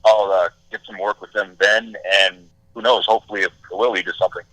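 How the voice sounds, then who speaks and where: A man's voice: fairly low pitch, steady tone, fairly quick, a bit bright, no echo, rough recording. A young man, a wrestler answering podcast interview questions in an easygoing way, full of "uh" and "you know". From Texas. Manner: easygoing, filler-heavy with many "uh" and "you know". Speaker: guest, independent wrestler.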